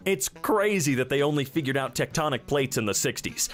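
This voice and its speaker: A young man does comedic readings of internet posts, his voice bouncing around in pitch with sarcastic asides. A faint music bed sits underneath. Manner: sarcastic, animated, quick asides. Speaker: comedy commentator.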